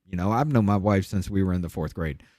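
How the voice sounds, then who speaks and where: A man guest on a podcast candidly telling a hard personal story, blunt and profane, his voice dropping low and quiet on the painful parts. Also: fast talker, no echo, clean studio sound.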